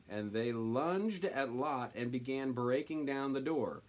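A man hosting a Bible study, reading scripture aloud slowly and then thinking aloud about it with many ums and uhs. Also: medium pitch, expressive.

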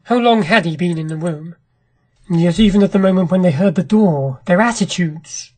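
Woman reading a classic story, dramatic and measured, slightly husky, low-pitched. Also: a little mellow. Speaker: narrator. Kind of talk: scripted narration of a classic short story.

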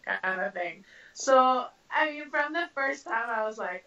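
A woman from Canada, a professional boxer, answering interview questions in a casual, animated way with many fillers. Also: a little high, unhurried, few pauses. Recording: roomy, distant, dull sound.

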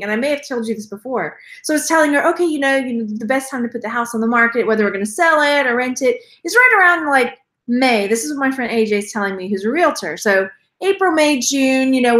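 A Texan woman in her thirties chats on a live stream, rambling from one thought to the next. She laughs often and slips into quoted voices. Her voice sits a little high and carries some room echo. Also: a bit bright. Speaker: reseller vlogger. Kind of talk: casual live-stream chat. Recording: echoey room.

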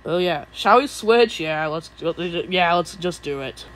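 A woman's voice: fairly low pitch, big pitch swings, slow pace, hardly any pauses, poor audio. Woman doing many silly cartoon voices. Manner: playful, silly voices, giggly. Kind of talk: fan voice acting many cartoon characters.

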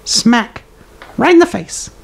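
Toilet paper roll puppet, very high squeaky voice, zany live-stream host, deadpan absurd advice. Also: male voice, takes it slowly, creaky, heavy background noise, heavily acted. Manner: gives absurd life advice with confident, matter-of-fact delivery; chats to the live chat, hesitant fillers. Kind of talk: comedic live-stream bit.

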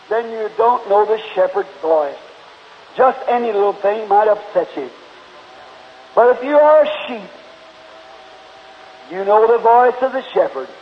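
A man's voice: extremely high pitch, slow pace, long pauses. A man preaching an altar call and closing in prayer, pleading fervently with the congregation at a church meeting. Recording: dull lo-fi 1950s tape, faint hiss.

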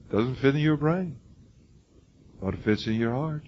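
A man's voice: mid-range voice, animated, moderate pace. An older man giving a college classroom lecture, emphatic and prone to restarts, calling on students by name. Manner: frequent restarts and repeated words. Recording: lo-fi classroom recording with faint noise.

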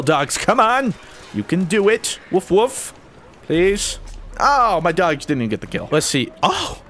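A young man giving running commentary over a video game as a gaming channel host, often breaking into high excited yelps when the action spikes. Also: slight background noise. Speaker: gaming YouTuber. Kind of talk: gameplay commentary.

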